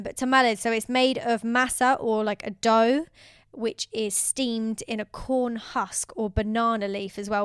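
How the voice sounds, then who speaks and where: A woman's voice: fairly high pitch, smooth, no echo, studio quality. A woman co-hosting a travel vlog, chatting casually with many fillers and easy laughs. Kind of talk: casual chat.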